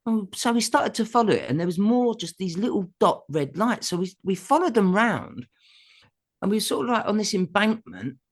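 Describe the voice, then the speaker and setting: Animated man telling stories. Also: high-pitched, moderate pace. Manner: animated anecdotal storyteller, laughs often. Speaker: guest musician. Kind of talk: casual interview storytelling.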